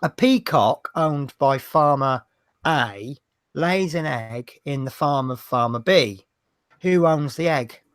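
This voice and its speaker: A man's voice: fairly high pitch, expressive, takes it slowly, no echo. A man hosting a casual hobby show, rambling through jokes and banter. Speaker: host. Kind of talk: casual chat, telling jokes.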